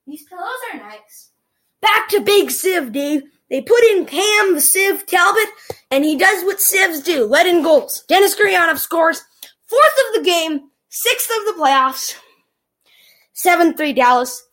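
A woman excitedly recapping a hockey game in a playful, teasing monologue, exclaiming often. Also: very high voice, low-quality recording.

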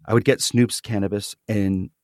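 A man's voice: lowish voice, steady tone, moderate pace, darkish tone, no echo, clean studio sound. A man co-hosting a podcast in casual chat, talking freely and repeating words as he restarts. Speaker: podcast co-host.

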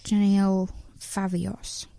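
A woman's voice: mid-range voice, slow pace, vocal fry, no echo. A young woman co-hosting a podcast, gushing and swearing in casual chat. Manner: excitable, swears, gushes. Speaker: podcast co-host.

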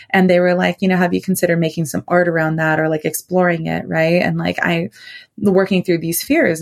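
A woman's voice: lowish voice, creaky. A woman guest on a podcast, telling a personal story in a loose, rambling way full of fillers.

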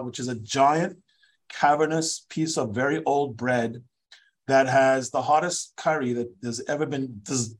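A man co-hosting a rugby podcast, chatting casually and spinning playful, jokey stories. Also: medium pitch. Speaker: podcast co-host, rugby expert.

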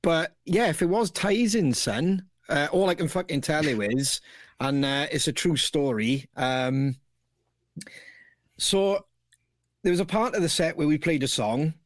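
A man's voice: fairly high pitch, unhurried, dry recording. A man hosting a casual chat and telling stories full of swearing and laughter. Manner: animated, laughing, heavy swearing. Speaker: podcast host.

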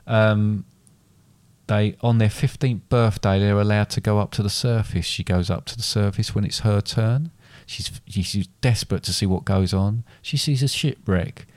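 Man, low voice, dry close sound, rambling casual storytelling. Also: moderate pace, a little mellow, no echo. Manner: rambling, self-correcting storyteller. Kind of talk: casual chat retelling fairy tales.

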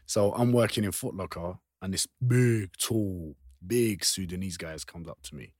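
A man with a London accent hosting a podcast chat, an animated storyteller who swears freely and jumps into loud voices for quoted lines. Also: low voice, normal speed, no echo. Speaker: podcast host. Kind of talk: casual chat.

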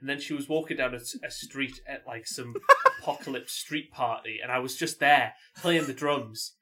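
A man's voice: mid-range voice, moderate pace, pushed and bright. A young man, a podcast co-host chatting casually and laughing through his stories. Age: young adult. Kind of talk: casual chat.

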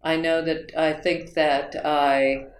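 An American woman who teaches writing is interviewed about her teaching and reflects on it through stories, rambling with fillers and restarts. Her voice is deep, her delivery flat and slow. The recording carries a roomy echo.

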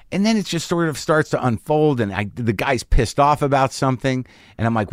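A man, a comedian guest on a podcast interview, telling crude road stories in a profane, animated way. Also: mid-range voice, normal speed, dry recording, clean studio sound.

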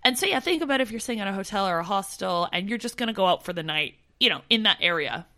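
A woman's voice: medium pitch, animated, quick pace, pushed and bright. A woman co-host in casual chat, explaining tips in a loose way with many fillers. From not from the country she now lives in. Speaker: podcast co-host.

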